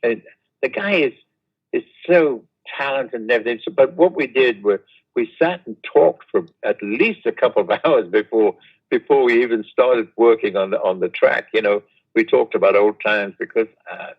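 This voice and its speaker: An older man, a guest reminiscing in an unhurried, rambling way over a video call. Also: medium pitch, breathy edge, dull audio. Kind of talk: casual interview chat.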